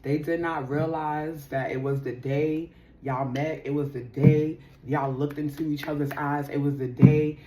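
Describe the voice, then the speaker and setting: A woman's voice: deep voice, a little slow, hardly any pauses, slight background noise. A woman doing a casual tarot reading for viewers, slangy and profane, talking with lots of feeling and laughing often. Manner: slangy, profane, animated and emotional; laughs often, addresses viewers as sis and y'all. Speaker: tarot reader.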